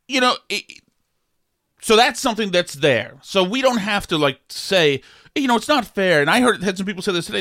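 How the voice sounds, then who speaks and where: A man's voice: fairly high pitch, pushed and bright, no echo, studio quality. A middle-aged man hosting a podcast, telling a rambling, jokey story with many restarts in casual chat. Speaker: podcast host.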